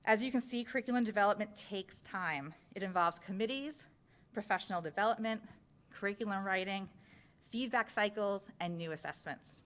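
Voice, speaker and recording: A woman's voice: medium pitch, normal speed, a bit bright. Woman presenting science curriculum to a board. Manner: explanatory, walks through slides step by step. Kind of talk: presentation at a school board meeting. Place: public meeting room.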